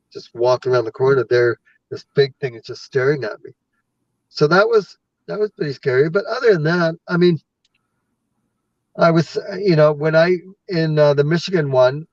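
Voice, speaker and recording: A man from western Canada, a guest telling a lively story and acting out his own reactions. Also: medium pitch, no room sound. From British Columbia, Canada. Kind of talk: casual storytelling. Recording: dry, muffled, distant from mic.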